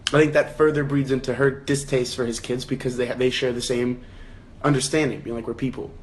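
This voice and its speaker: Young guy on a phone livestream talking through a book, restarts a lot, asks viewers stuff, mid-pitched voice. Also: little pitch movement, fairly quick. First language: English. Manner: thinking aloud, frequent restarts and rhetorical questions. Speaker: livestream host leading a book discussion. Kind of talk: casual livestream chat.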